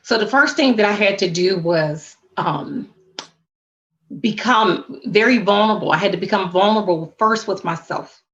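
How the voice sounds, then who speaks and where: A woman's voice: medium pitch, normal speed, a bit bright, muffled recording. A woman speaking as a spiritual coach and interview guest, earnest and reflective, with faith-tinged phrasing.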